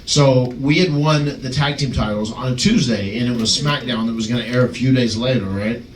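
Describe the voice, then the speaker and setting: A man on a podcast telling an animated wrestling story, chuckling and slipping into other people's voices. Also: mid-range voice, a little fast. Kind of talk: casual storytelling. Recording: echoey, distant mic, faint background ambience.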